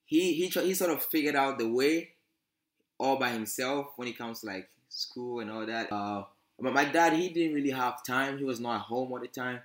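A man, a podcast guest telling his life story in a relaxed, chatty way. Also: fairly low pitch, roomy sound. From Ghana. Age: 20s. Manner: relaxed, chatty, frequent fillers. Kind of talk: casual interview storytelling.

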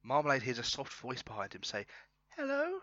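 Bright-voiced man reading a comic story. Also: medium pitch, quick pace, dry recording. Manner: often breaks into laughter while narrating. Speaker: storyteller and co-host. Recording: slightly dull, dry recording.

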